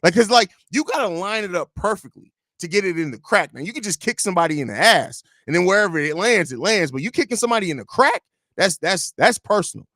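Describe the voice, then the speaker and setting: Joking sports podcast host, dry sound. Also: male voice, high voice, lively intonation, quick pace, bright, forceful tone, no echo. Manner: rambling, joking, profane, reads chat aloud. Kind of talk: casual live-stream chat.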